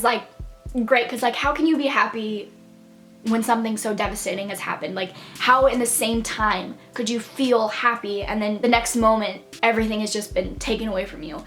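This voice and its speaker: Woman in her twenties, upbeat book vlogger, slightly high pitch, gushing and casual. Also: a little fast, fairly bright tone, faint music behind. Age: 20s. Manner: enthusiastic, gushing, filler-heavy. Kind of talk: casual book haul chat.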